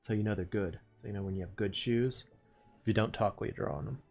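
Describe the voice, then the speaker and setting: A man's voice: lowish voice, fast talker, creaky, darkish tone, soft background music. A man streaming as he draws, chatting in a rambling, laid-back way and chuckling to himself. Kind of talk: casual chat while drawing.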